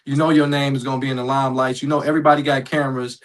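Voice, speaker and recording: A man's voice: mid-range voice, level tone, rapid-fire, rough recording. A man co-hosting a sports podcast, reading out listener comments and answering them in a blunt, plainspoken way. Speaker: podcast co-host. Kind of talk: casual sports talk.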